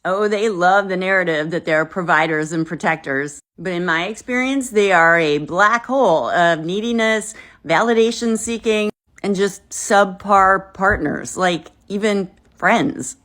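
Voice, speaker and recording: A woman's voice: medium pitch, measured pace, fairly bright tone. A woman speaking a pointed, confiding social media monologue.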